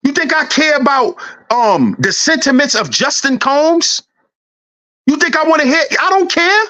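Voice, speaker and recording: A man's voice: extremely high pitch, sing-song, normal speed, pushed and bright. Heated, preachy man ranting on a livestream. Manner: emphatic, repeats lines for effect. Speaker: livestream host. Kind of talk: livestream commentary rant.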